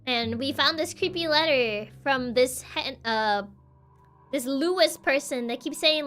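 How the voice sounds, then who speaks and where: A young woman streamer chats casually over a game, playful and joking, with many fillers. Her voice is high and bright. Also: unhurried, soft background music.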